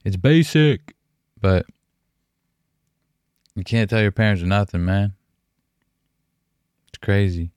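A deep, smooth-voiced young man hosts a podcast in a dry, close-sounding room. He speaks in halting, emotional bursts, swearing and restarting his sentences, often sighing between thoughts. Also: steady tone, a little mellow, dry recording. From Canada. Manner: halting, profane, full of fillers and restarts. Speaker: podcast host. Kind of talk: candid emotional podcast talk.

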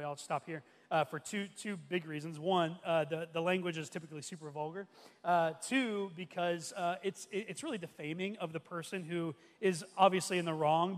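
High-voiced pastor preaching in a reverberant church. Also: male voice. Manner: conversational storytelling with many restarts and fillers. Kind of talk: sermon. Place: church stage. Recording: long hall reverb.

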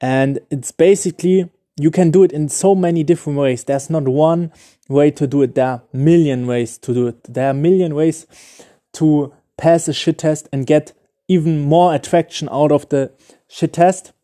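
His voice is a little high with a dark tone, at a moderate pace. A non-native English-speaking man hosting a solo podcast talks casually about dating, explaining in a loose way full of "like" and "okay?", often restarting and groping for words.

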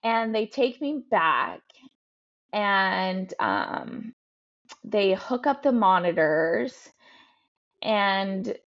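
Halting, emotional woman telling her story. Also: mid-range voice, big pitch swings, muffled recording. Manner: halting, emotional, frequent ums and restarts. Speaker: podcast guest. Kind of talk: personal storytelling.

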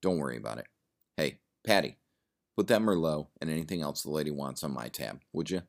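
A man's voice: very deep voice, animated, brisk. A man voicing a cynical, sardonic man drinking in a bar, swearing and rambling.

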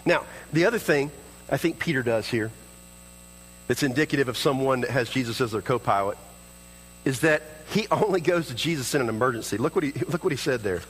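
Pastor preaching in a reverberant hall. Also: male voice, expressive, brisk, fairly bright tone, slightly rough. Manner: earnest, acts out prayers and dialogue in shifting pitch. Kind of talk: sermon.

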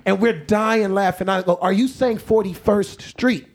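A young man telling a long story in casual podcast chat, animated and laughing often, acting out what people said. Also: high-pitched, moderate pace. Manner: animated, laughing, acts out quoted lines. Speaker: podcast co-host.

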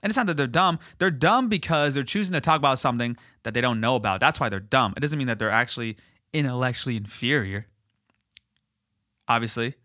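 A man hosting a podcast in casual, rambling chat, swearing heavily and animated. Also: medium pitch, brisk, dry recording, studio quality. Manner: profane, rambling, animated, filler words. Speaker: podcast host.

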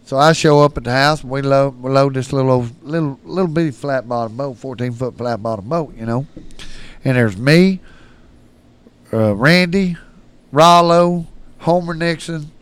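A middle-aged man, telling profane, animated stories on a casual podcast and getting loud when quoting people. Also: medium pitch, moderate pace, clear, resonant tone. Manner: profane, animated, swings loud for quoted lines. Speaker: storyteller guest.

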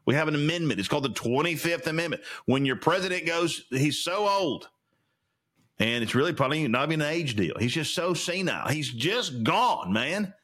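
A man's voice: on the high side, expressive, moderate pace, fairly bright tone. A man hosting a solo podcast, ranting indignantly about the news with lots of stammered restarts. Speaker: podcast host. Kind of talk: opinionated solo commentary.

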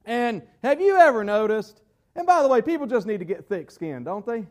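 Southern pastor, man, high voice, folksy sermon with lots of restarts. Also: sing-song, normal speed. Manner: folksy, repeats words while searching for phrasing.

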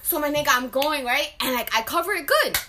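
A young woman tells a story to friends, loud, expressive and full of slang. Her voice is high. Clear background noise runs under the recording. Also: brisk. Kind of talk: casual storytelling chat.

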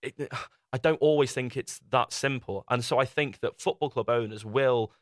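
A man's voice: mid-range voice, normal speed, dry recording, clean studio sound. A man, co-hosting a review podcast, making his case in casual debate and acting out quoted voices. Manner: argumentative, acts out quoted voices. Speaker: podcast co-host reviewing a documentary.

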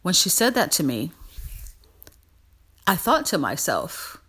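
A woman hosting a podcast in a casual motivational monologue, animated and emphatic, repeating phrases for emphasis. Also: on the low side, slow, breathy edge. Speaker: podcast host.

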